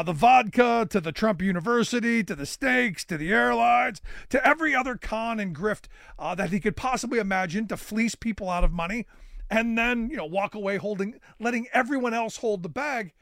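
A man hosting a political talk radio show, delivering sarcastic, animated commentary with many filler "uh"s into a studio microphone. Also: very high-pitched, moderate pace, vocal fry, no echo.

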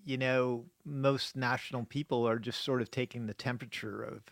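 A man's voice: medium pitch, fairly even intonation, normal speed, gravelly, dry recording, clean studio sound. A man speaking as a political commentator on a radio panel, thoughtful and hedging with fillers.

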